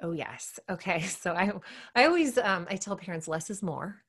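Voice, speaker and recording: A woman gymnastics coach chatting on a podcast through an earbud mic, acting out quotes with big jumps in pitch. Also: animated, normal speed, slightly rough. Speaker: gymnastics mindset coach, guest. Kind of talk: casual podcast chat.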